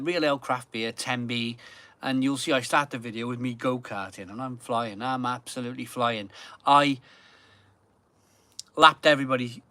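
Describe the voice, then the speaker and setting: A man's voice: mid-range voice, pushed and bright, dry recording. A man hosting a beer channel live stream in casual chat from his garden, rambling and repeating phrases for emphasis. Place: home garden.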